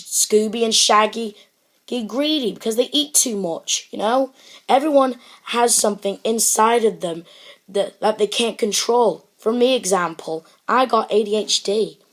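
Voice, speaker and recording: A woman talking straight to her viewers in a casual movie review vlog. She is earnest and impassioned, often tripping over her words and starting her sentences again. Her voice sits at a middling pitch for a woman. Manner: rambling, restarts sentences often.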